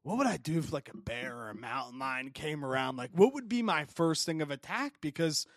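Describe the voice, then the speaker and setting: A young man with a somewhat high voice co-hosts a laid-back podcast, spinning rambling stories packed with swearing and "dude". The sound is dry and close. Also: expressive, brisk, fairly bright tone, no room sound. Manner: rambling storyteller, swears often, says "dude". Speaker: podcast co-host. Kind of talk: casual podcast chat.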